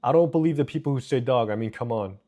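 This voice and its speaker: A man's voice: mid-range voice, quick pace, warm tone. A man streaming live, reading his chat aloud and bantering with his viewers in a joking way. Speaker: livestreamer. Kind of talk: casual livestream chat.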